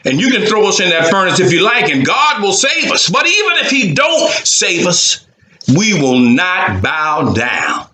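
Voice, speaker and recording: Brief: man playing firm, calm young heroes, lively pitch. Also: a little slow, echoey room, full character voice. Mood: defiant. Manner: firm, steady. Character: calm defiant young faithful men.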